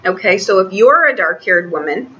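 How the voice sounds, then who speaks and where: A woman reads tarot cards in a loose, chatty way, often stopping and restarting her sentences. Her voice is bright and forward. The recording sounds a little dull, with faint noise behind her. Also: medium pitch, lively intonation. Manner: chatty, halting, many restarts. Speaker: tarot reader. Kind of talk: casual tarot reading.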